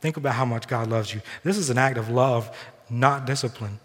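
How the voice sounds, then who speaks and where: A man in a church sanctuary preaching a sermon as pastor, earnest, with lively personal storytelling. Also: medium pitch, a little fast. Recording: long reverb from a large hall.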